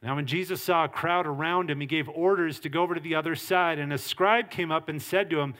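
A middle-aged man preaching from the pulpit with earnest, emphatic delivery. His voice sits a little high for a man. He leans into key words. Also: steady tone, fairly quick, hardly any pauses, a bit bright. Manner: earnest preaching with acted quotes and varied emphasis. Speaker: pastor. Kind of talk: sermon.

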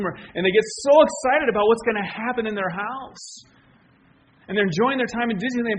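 A male pastor preaching a sermon, telling stories in an animated way and shouting out acted quotes. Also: high-pitched, highs cut off, slight background noise.

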